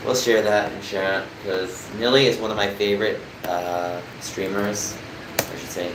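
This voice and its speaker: Chatty young streamer from New Jersey. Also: male voice, on the low side, moderate pace, reverberant, background noise. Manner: chatty, rambling, answers chat comments. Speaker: livestreamer. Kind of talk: casual live-stream chat with viewers.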